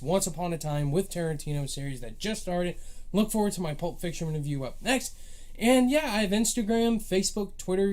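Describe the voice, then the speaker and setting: A man speaking as a guest movie reviewer, upbeat and friendly as he signs off in a casual chat. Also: high-pitched.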